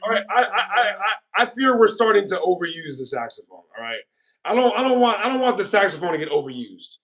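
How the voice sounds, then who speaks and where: A man's voice: high-pitched, big pitch swings, fairly quick, a bit bright. A man hosting a livestream, casually chatting with callers and teasing them in a mock-furious way, repeating his lines and calling people "bro". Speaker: livestream host.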